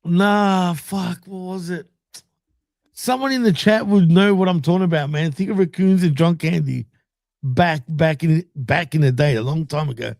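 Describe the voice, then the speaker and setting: A man's voice: on the high side, normal speed, vocal fry, darkish tone, dry recording, studio quality. A man co-hosting a casual wrestling podcast, recapping episodes in a laid-back way, laughing often and swearing freely. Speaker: podcast co-host.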